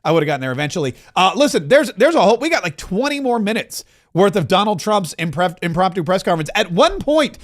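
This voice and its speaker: Male political podcast host, high-pitched, sarcastic and mocking, loose unscripted delivery. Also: very animated, fast, few pauses. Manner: sarcastic, mocking asides and quips; loose, restarts mid-sentence. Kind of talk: opinionated political commentary.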